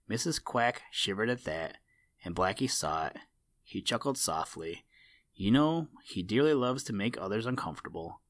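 A man reads a children's animal story aloud in a steady storytelling manner. His voice sits on the low side, and the recording is dry and close, with no room sound. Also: unhurried, no room sound. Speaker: narrator.

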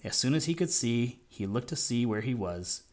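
A man narrating a children's audiobook in a measured, gently expressive storytelling manner. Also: medium pitch.

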